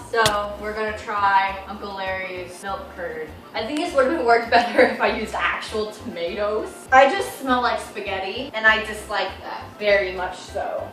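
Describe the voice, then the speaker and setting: A woman's voice: medium pitch, recorded from a distance. Chatty teenage girl in an echoey room. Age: teens. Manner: chatty, jumpy, squeals at surprises. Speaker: vlogger. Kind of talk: casual vlog chat.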